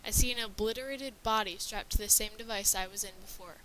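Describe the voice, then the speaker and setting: Woman reading creepypasta, dramatic, bright clear tone, faint hiss behind. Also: medium pitch, fairly quick, poor audio. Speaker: narrator. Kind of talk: scripted horror story narration.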